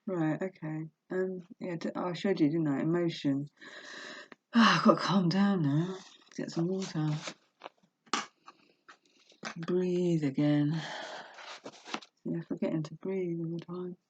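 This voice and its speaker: Reading slowly from a self-help book, a woman with a fairly low voice and fairly even intonation pauses often and slips into open, emotional chatter, laughing and talking to herself. The home vlog was captured on a laptop webcam mic, giving a dull lo-fi sound with slight hiss or hum.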